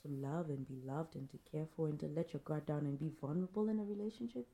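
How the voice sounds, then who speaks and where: A woman's voice: low-pitched, fast talker. A woman co-hosting a podcast, telling a personal story in a casual chat and acting out what her friends said. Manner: animated storytelling, acts out quoted friends, laughs often. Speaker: podcast co-host.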